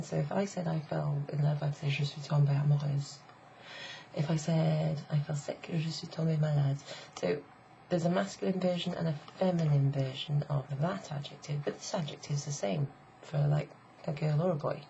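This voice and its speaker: Low gravelly woman teaching French. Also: warm tone. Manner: chatty, explains step by step, repeats phrases slowly. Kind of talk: casual online language lesson. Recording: slightly dull lo-fi sound with faint noise.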